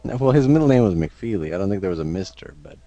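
Lively podcast co-host man. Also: on the low side, fast talker, no room sound, highs cut off. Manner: exasperated, teasing reactions. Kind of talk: casual comedic chat.

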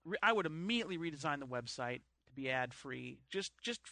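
Bright, lively high-voiced man chatting. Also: fairly quick, creaky, no room sound. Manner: joking, bursts into put-on voices and laughter. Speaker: podcast co-host. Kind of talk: casual comedic chat.

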